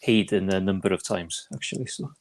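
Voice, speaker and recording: A man with a somewhat low voice, chatting casually and softly, often stammering and restarting his sentences. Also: brisk, a loud crowd. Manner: soft-spoken, stammering restarts. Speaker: guest co-host. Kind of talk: casual podcast chat.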